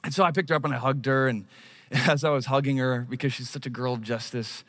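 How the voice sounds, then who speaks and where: A man's voice: medium pitch, steady tone, fast talker, a bit bright. A man in his thirties preaching a sermon, telling a personal story in a conversational, self-deprecating way. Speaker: pastor.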